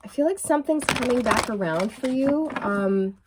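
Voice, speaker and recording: A woman's voice: on the high side, moderate pace, heavy background noise. Chatty woman giving a tarot reading. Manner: chatty, excitable, many fillers and restarts. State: clearing her throat. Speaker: tarot reader. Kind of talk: intuitive tarot reading to camera.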